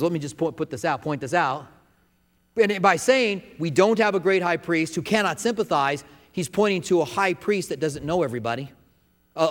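A man, a pastor preaching a sermon, swinging between loud emphatic passages and soft hushed ones. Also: mid-range voice. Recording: long reverb of a large hall.

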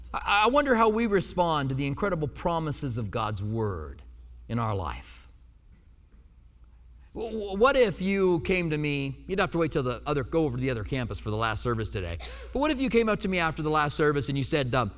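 Animated high-voiced male pastor preaching. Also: normal speed. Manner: animated storytelling preacher, acts out quotes with humor. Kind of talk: sermon. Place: church. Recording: long hall reverb.

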